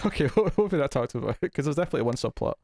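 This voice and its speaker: A man's voice: fairly high pitch, sing-song, racing, vocal fry. A man co-hosting a TV review podcast in casual chat, talking loosely with lots of fillers and easy laughs.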